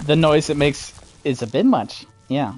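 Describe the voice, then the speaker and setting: A man giving casual, rambling commentary while playing a video game, cursing and laughing as he reacts. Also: a little high. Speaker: gamer streamer. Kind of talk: casual gameplay commentary to his mother.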